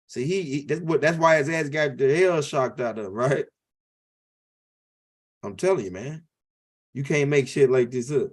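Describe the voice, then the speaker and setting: A high-pitched man from tells a loose, rambling stand-up story. He circles back, repeats lines and keeps asking "right?" as he talks. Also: normal speed. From Louisiana. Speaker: comedian.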